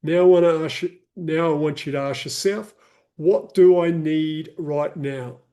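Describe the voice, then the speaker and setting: A man leading a live guided breathing session, counting breaths in a calm, soothing way and explaining the practice casually. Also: a little high, unhurried. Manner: casual explaining with fillers, reads chat comments.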